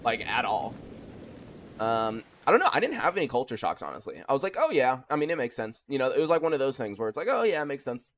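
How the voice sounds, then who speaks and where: A man's voice: sing-song, quick pace. A young man streaming a game, chatting loosely with viewers and swearing a lot. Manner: yells in high-pitched disbelief when killed in game. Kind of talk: casual gaming stream chat.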